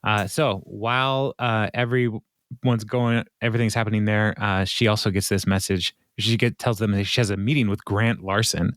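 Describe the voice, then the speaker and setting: A man hosting a podcast, casually recapping an episode, rambling with lots of ums and uhs and quick laughs. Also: on the low side, steady tone, a bit bright, dry recording, studio quality. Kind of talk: casual chat.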